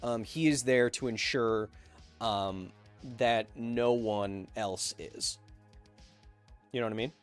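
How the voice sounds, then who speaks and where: A man's voice: medium pitch, slow pace, long pauses, smooth, faint music behind. A man hosting a casual livestream, reading out viewer donations and answering them with playful, self-mocking jokes.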